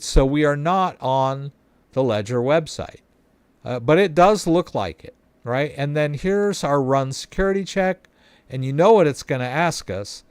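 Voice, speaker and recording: Clear and resonant, a medium-pitched male voice with no echo guides a casual screen-share walkthrough. As host, he chats and explains, regularly tossing in tag questions to check in with the listener.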